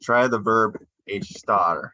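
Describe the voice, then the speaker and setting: A man's voice: lowish voice, slow pace, bright, forceful tone, dry recording. A man teaching verb forms in a screen-recorded lesson, explaining unhurriedly as he draws on screen. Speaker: Spanish teacher. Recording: dull lo-fi dry sound.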